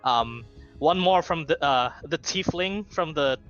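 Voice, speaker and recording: A man narrating as game master of a tabletop game, halting, with fillers and restarts. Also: a little high, animated, fairly bright tone, dull audio, faint music behind.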